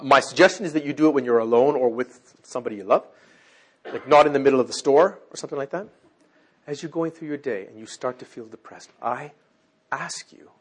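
A man teaching a sermon to a congregation, swinging from loud exclamations down to near-whispers. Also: mid-range voice, husky.

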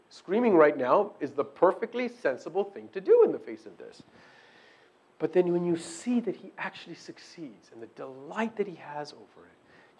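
A man preaching a sermon and praying, earnest, moving between hushed prayer and emphatic, repeated declarations. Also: high-pitched, husky. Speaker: pastor.

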